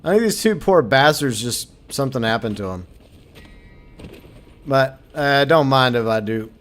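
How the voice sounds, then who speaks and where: A man's voice: mid-range voice, lively intonation, unhurried, a bit bright, soft background music. A man from Minnesota giving casual, joking commentary as he streams a game, swearing freely.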